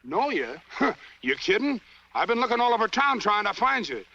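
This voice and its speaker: A hearty, gravelly small-town cop. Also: male voice, high voice, big pitch swings, normal speed, bright, forceful tone, full character voice. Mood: puzzled. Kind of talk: 1940s film acting. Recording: dull old film soundtrack.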